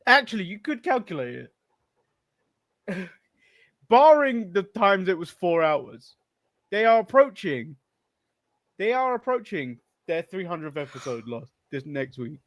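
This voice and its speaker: High-voiced man joking in casual chat. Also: very animated, measured pace, long pauses. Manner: dry jokes, chuckles between lines. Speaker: podcast co-host. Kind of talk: casual wrestling recap chat.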